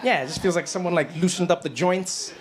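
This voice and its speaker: A man doing a stand-up comedy set, telling stories in an animated way and jumping into acted voices. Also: fairly quick, noisy background. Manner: animated storytelling, acts out voices with loud high bursts.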